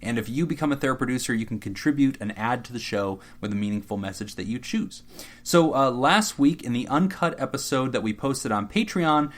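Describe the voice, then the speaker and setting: A man's voice: medium pitch, lively intonation, brisk. A man co-hosting a casual podcast, reading out supporter thank-yous with frequent laughter. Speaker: podcast co-host.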